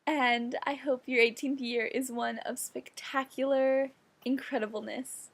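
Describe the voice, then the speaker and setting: A woman's voice: high voice, fairly even intonation, unhurried, vocal fry. A young woman in her late teens speaking a gushing, heartfelt birthday message to a friend, full of filler words. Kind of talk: casual heartfelt monologue.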